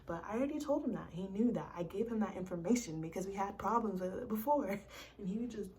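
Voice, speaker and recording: A woman's voice: mid-range voice, quick pace, a little hiss or hum. Chatty young woman telling a story. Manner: chatty, animated, peppered with "like" and swearing. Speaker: vlogger. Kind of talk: casual storytime vlog.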